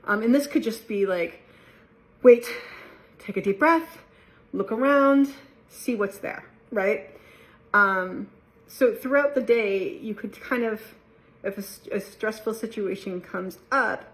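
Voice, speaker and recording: A woman talking casually about mindfulness to her viewers, relaxed and chatty, often laughing and slipping into playful quoted voices. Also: medium pitch, a little slow. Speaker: mindfulness vlogger. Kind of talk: casual talk to camera.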